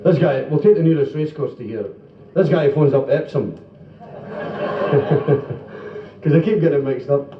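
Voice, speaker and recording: A Scottish stand-up comedian chats with a club audience in a slightly high, unhurried voice, pausing often and acting out stammering characters in his jokes. The 1970s live tape is roomy, distant and dull, with audience laughter in the background.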